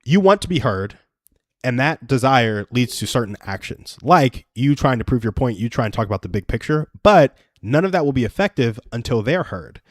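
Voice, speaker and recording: A man's voice: mid-range voice, sing-song, moderate pace, dry recording, clean studio sound. A young adult man hosting a live stream, giving earnest, self-deprecating advice through personal stories in a casual chat.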